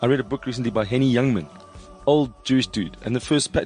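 A man's voice: medium pitch, quick pace, faint music behind. A man hosting a casual comedy podcast in a studio, bantering and joking with his guests. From South Africa. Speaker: podcast host. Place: radio studio.

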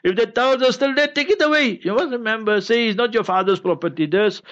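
A high-voiced man holds forth as a mufti on a religious question-and-answer broadcast. He preaches in a joking way and comes back again and again to the same reminders. The sound is dull and lo-fi. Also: fast talker, fairly bright tone. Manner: preachy, joking, keeps repeating "you must remember".

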